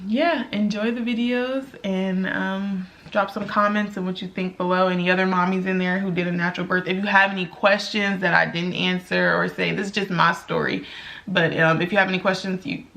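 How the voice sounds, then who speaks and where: A young woman tells her own story straight to her viewers in a candid, chatty vlog. Her voice is bright with a gravelly fry, and she laughs often and jumps into a high voice when quoting people. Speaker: vlogger.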